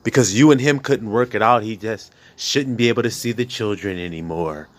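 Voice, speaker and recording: Preaching to a congregation, a man with a fairly low voice speaks at normal speed. He's passionate, blunt and profane, firing rhetorical questions at his listeners.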